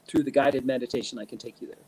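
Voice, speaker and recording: A man's voice: medium pitch, steady tone, racing, crowd noise, poor audio. A man in a casual interview, telling rambling stories with many restarts and bursts of laughter. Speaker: guest speaker.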